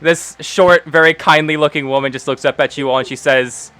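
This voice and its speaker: A man's voice: on the high side, fairly even intonation, brisk, sharp tone. A man narrating a tabletop game as game master, in a laid-back, chatty way.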